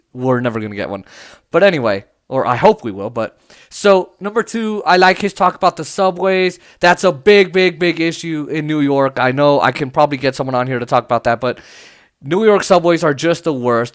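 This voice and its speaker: A man hosting a podcast, giving casual political commentary in a loose, chatty way with many fillers and restarts. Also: medium pitch. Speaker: podcast host.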